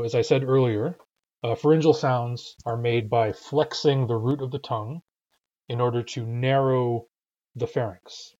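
Patient man teaching pronunciation, husky voice. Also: medium pitch, darkish tone, lo-fi sound. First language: English. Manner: patient, explanatory, frequent uh fillers. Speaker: language teacher. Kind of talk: recorded pronunciation lesson.

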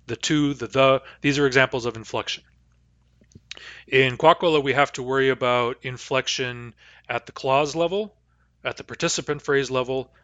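A man teaching a linguistics lesson in an online class, thoughtful and halting, full of fillers and restarts. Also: mid-range voice, a bit bright, no echo, lo-fi sound. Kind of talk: online lecture.

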